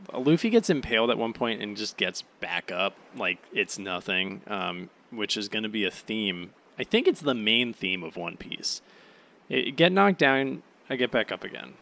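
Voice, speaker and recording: A sleepy, yawning man hosting a podcast, rambling through a casual solo recap with lots of "um"s and swearing, now and then bursting into high, excited gushing. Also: unhurried, hardly any pauses. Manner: rambling, offhand, peppered with swearing and "um"s. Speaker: podcast host.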